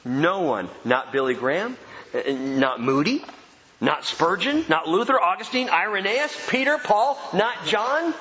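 A man preaching a sermon as pastor, emphatic and animated, repeating key phrases for effect. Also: high voice, unhurried. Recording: dull sound with long hall reverb.

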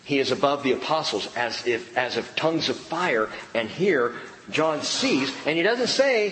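A middle-aged man preaching a sermon, swinging between loud bursts and hushed lines. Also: a little high, sing-song, moderate pace. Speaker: pastor. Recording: reverberant hall with faint room noise.

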